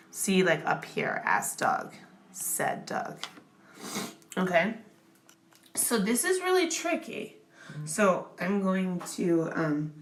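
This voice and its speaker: In a step-by-step grammar lesson, a woman with a fairly low, fairly bright voice explains things patiently, in a classroom style. She checks in with the listener often, asking "okay?" and "right?".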